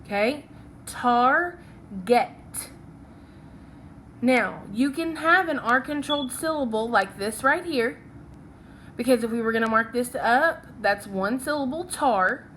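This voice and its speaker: Slow, patient woman teaching phonics. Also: fairly high pitch, animated, fairly bright tone, slight background noise. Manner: slow, patient, checks in with "okay?". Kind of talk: phonics lesson, writing along.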